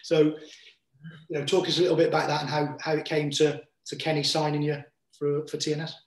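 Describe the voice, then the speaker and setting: Friendly host with a slightly high voice, roomy sound. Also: male voice, monotone, a little fast. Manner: friendly, prompting questions with many fillers. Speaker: podcast host, former teammate. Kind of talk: casual interview chat. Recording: roomy echo.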